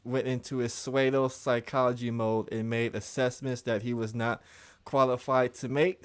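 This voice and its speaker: Man host reading aloud, smooth resonant voice. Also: mid-range voice. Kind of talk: live call-in debate, reading reviews aloud.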